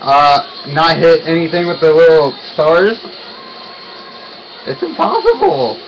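A young man giving casual let's-play commentary, excitable and quick to yelp and groan when he fails. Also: fairly high pitch, muffled recording, slight background noise. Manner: excitable, yelps and groans at failures. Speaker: gaming YouTuber.

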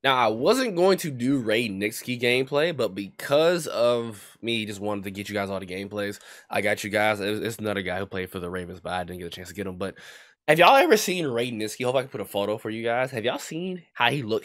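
A young man with a fairly low voice talks over his football video game, reading ratings and reacting to plays. He trash-talks and breaks into loud high yells when things get heated. His headset mic sounds close and dry. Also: lively intonation, a little fast, dry recording. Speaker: gaming YouTuber. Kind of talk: live gameplay commentary.

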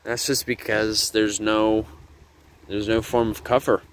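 Slow, low-voiced man on a windy walk. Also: flat delivery, poor audio. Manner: easygoing, explanatory, loose with fillers. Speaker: nature vlogger. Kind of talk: walking nature tour commentary. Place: outdoors by a river in a windy garden. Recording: wind rumble on outdoor mic. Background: wind noise.

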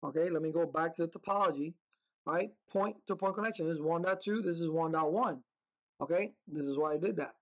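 Male instructor walking through a lab, relaxed and upbeat, thinks aloud as he types. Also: fairly high pitch, fairly quick, low-quality recording. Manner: casual, upbeat, talks to himself while typing commands. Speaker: networking instructor. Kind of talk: screen-recorded lab walkthrough.

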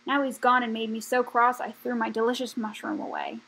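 A woman voicing a grumpy, sharp-tongued female forest creature in a storybook reading, grumbling and tart. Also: on the high side, little pitch movement, a little fast, gravelly, slightly rough, heavily acted, low-quality recording.

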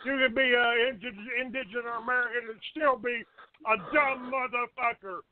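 High-voiced profane male call-in host. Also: steady tone, moderate pace, heavy background noise. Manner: hostile, profane, shouting insults. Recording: tinny phone-like audio.

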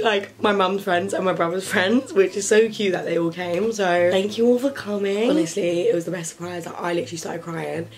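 Young woman vlogging in her bedroom, kinda low voice, rambly chatty storytelling, bit of music under it. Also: darkish tone. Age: young adult. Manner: chatty, filler-heavy storytelling. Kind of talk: casual chat to camera.

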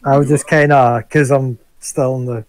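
Relaxed man stumbling over words. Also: medium pitch, moderate pace. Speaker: player. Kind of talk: casual tabletop game play.

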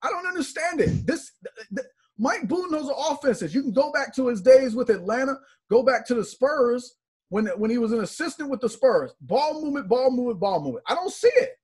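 A man with a high, husky voice breaking down a basketball game in casual talk. He sounds earnest and exasperated, piling up his complaints. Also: expressive, brisk, darkish tone. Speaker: podcast co-host. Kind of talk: casual sports analysis.

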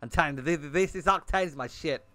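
A man's voice: a little high, brisk, a bit bright, dry recording. A young man streaming a game, chatting bluntly with his viewers and swearing often. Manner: blunt and swearing, talking to chat in bursts. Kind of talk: casual livestream chat while gaming.

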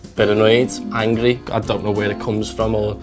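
A man's voice: on the low side, flat delivery, a little fast, over loud music. A young man from Liverpool with a Scouse accent, chatting playfully as a radio presenter explaining local slang and laughing often. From Liverpool, England. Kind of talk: casual explainer to camera.

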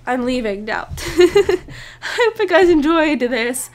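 With a high-pitched voice and a slow pace, a young gaming-channel host does excitable let's-play commentary, groaning and shrieking whenever her rider crashes.

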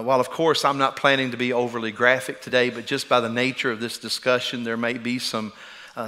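A man's voice: medium pitch, bright, forceful tone. A middle-aged man preaching a sermon from a church stage, folksy and self-deprecating, with frequent small restarts. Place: church sanctuary.

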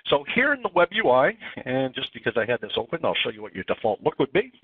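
A man's voice: mid-range voice, very animated, fast talker, slightly rough, dry recording. Boston man, webinar presenter, chatty with fillers, tinny conference-call sound. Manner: casual, filler-heavy explaining. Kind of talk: software webinar demo. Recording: dry phone-line audio.

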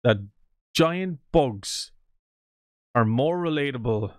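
Incredulous man reacting with lively pitch. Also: takes it slowly, dry recording, clean studio sound. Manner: incredulous, laughing, swearing. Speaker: streamer reacting to a video. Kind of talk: casual reaction commentary.

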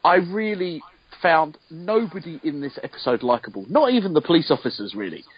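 A man's voice: on the high side, big pitch swings, fairly quick, slightly rough, dull audio. A man co-hosting a casual review chat, stammering and emphatic as he complains. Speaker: podcast co-host.

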